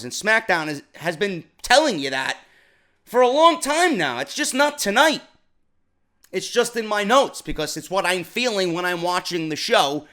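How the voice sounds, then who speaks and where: High, bright-voiced man ranting a review. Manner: blunt, profane, exasperated; stammers on repeated words. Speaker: wrestling show reviewer. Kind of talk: ranting solo show review.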